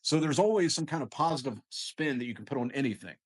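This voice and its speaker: Man, casual podcast guest, energetic, lots of "like", mid-pitched voice. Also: breathy edge. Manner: energetic, talks in quick bursts with lots of "like". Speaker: guest entrepreneur. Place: lives in Dubai.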